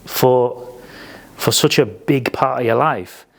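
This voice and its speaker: Speaking slowly with vocal fry in a mid-range voice, this podcast speaker tells blunt stories full of swearing. It's casual chat, and he performs the quotes as he goes.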